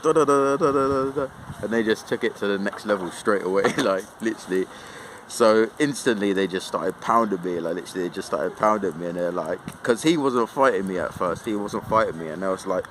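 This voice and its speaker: A man's voice: lowish voice, brisk, bright, forceful tone, a little hiss or hum. A young man telling a rambling, sweary storytime in a casual way, full of fillers.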